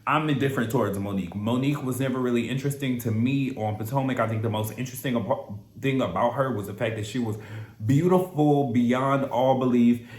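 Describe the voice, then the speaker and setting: A young man hosting a casual reality TV recap, animated, sassy and profane, stretching words out for emphasis. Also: mid-range voice, a little fast. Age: young adult. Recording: echoey room.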